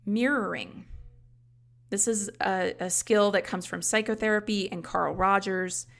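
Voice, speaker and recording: A woman's voice: medium pitch, fairly even intonation, a little slow, gravelly. A woman hosting a podcast, explaining coaching skills in a conversational teaching manner with frequent casual asides. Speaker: life coach trainer and podcast host. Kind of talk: instructional podcast talk.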